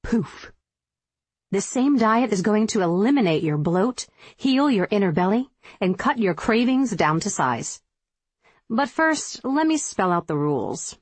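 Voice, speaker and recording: Female author-narrator, emphatic pep-talk read, mid pitch, dry booth sound. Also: sing-song, unhurried, slightly rough, no echo. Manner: emphatic, motivational, firm. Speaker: diet book author reading her book. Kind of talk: scripted audiobook narration.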